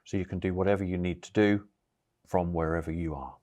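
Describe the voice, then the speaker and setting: Low-voiced man explaining a tech setup. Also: brisk. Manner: relaxed, explanatory, with some fillers. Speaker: tech tutorial host. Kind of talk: casual screen-recorded tutorial.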